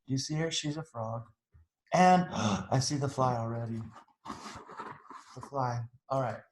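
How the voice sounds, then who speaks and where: A man's voice: medium pitch, measured pace, echoey room, poor audio. Man reading a picture book aloud. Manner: chatty, adds asides to the pictures. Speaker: teacher reading to children. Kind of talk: storytime read-aloud.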